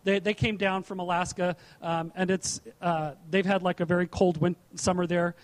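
Man, middle-aged, pastor, high voice, conversational sermon, scripture reading, frequent restarts. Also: little pitch movement, moderate pace. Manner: conversational, with asides and repeated restarts.

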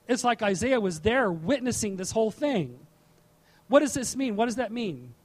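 Man, middle-aged, pastor, high voice, conversational sermon, scripture reading, frequent restarts. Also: sing-song, moderate pace. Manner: conversational, with asides and repeated restarts.

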